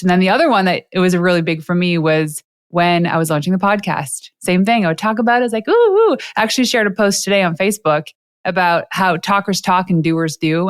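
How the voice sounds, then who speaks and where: A woman with a fairly low voice hosts a podcast conversation. She tells personal stories in a lively, animated way and laughs often. Her voice sounds dry and close to the mic. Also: dry recording. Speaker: podcast host. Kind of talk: casual interview chat.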